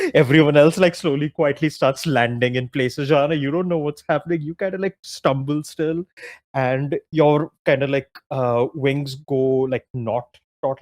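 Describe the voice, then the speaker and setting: A man's voice: mid-range voice, darkish tone. A young man narrating as game master in a tabletop game, casual and full of fillers, often laughing.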